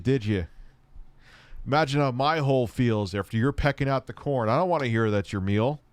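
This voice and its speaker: A young man with a medium-pitched voice chats casually on a livestream, joking, swearing and bantering with his pet bird. There's no room sound.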